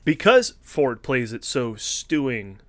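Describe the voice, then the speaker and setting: Animated man in a dry close recording. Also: medium pitch, takes it slowly, dry recording. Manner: animated, breaks into shouted impressions. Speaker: podcast co-host. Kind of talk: casual film discussion.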